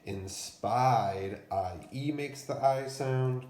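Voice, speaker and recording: Slow, clearly spoken male first-grade teacher. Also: mid-range voice, darkish tone, roomy sound. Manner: clear, deliberate enunciation for children. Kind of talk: phonics lesson and story read-aloud.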